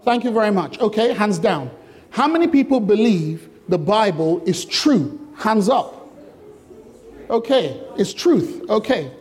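Expressive and slightly mellow, a pastor's high voice moves at a measured pace through an interactive sermon in a church hall. He engages the congregation in a chatty, joking way, asking them questions and teasing the room.

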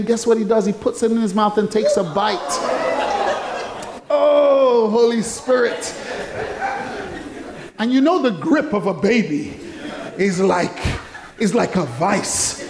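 A middle-aged man preaches a sermon, his voice sitting high for a man. He tells stories with lively, playful humour and breaks into laughter. The sound rings around a large, echoing church hall. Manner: animated, humorous storytelling with laughter. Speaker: pastor.

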